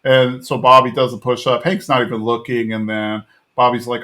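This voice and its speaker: Man in his thirties, podcast co-host, casual rambling recap, mid-pitched voice. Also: a little fast. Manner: rambling, animated retelling with filler words. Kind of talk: casual chat recapping a cartoon episode.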